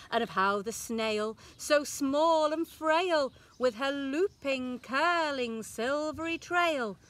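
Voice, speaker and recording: An infant school teacher with a fairly high-pitched voice reads a rhyming picture book to young children. She speaks slowly in a sing-song, expressive manner, leaning into the rhymes.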